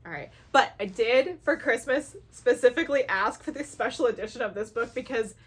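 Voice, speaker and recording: A woman with a high, bright voice talks casually to her viewers about the books she loves. She gushes openly and acts out her own reactions as she goes. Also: fairly quick, slightly rough. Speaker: book reviewer. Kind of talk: casual chat to camera.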